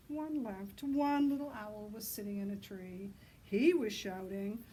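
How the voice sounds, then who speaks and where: A woman librarian leading a children's story time outdoors, reading in an animated sing-song way and hooting loudly to get kids to join in. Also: mid-range voice, unhurried, slight background noise, low-quality recording.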